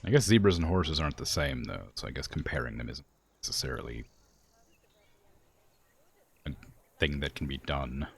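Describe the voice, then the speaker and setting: A man chats casually while streaming, musing aloud and talking to his animals. His voice sits very low, yet it swings widely up and down. He sounds a little sleepy and meanders through his thoughts. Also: lively intonation, normal speed, gravelly, pauses often, husky. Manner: rambling, talks to the animals, many "like" fillers; tired, yawning. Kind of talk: casual game commentary.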